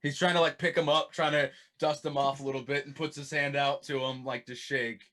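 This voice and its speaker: A man playing a tabletop game, describing his character's actions in a chatty, halting way. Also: medium pitch, little pitch movement, a bit bright. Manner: chatty, halting, full of fillers. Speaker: player. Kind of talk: casual tabletop play.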